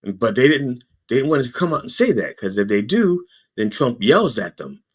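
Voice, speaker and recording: A middle-aged man hosting a podcast, delivering a rambling, profane comedic political monologue with jokey asides, sometimes shifting into high mocking voices to quote people. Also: sing-song, moderate pace, slightly rough. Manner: puts on high mocking voices when quoting. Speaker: podcast host.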